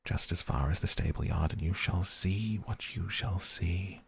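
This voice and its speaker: A man's voice: sits low, unhurried, gravelly, breathy edge, heavily acted. A man reading as a boastful, wheedling Toad. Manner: pompous, enthusiastic, coaxing. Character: boastful excitable male toad, grand and wheedling. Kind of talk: soft bedtime audiobook reading.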